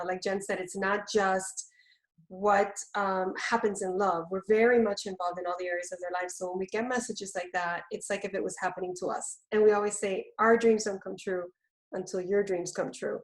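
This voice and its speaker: A woman's voice: mid-range voice, reverberant. A woman hosting a live online coaching event, upbeat and instructive as she introduces the next segment. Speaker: host, love coach.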